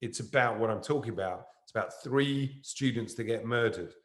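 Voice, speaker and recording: A man's voice: mid-range voice, normal speed, roomy sound. A man, an actor as guest, telling a rambling anecdote on stage that jumps around. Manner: animated, jumps around in the story. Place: university event room.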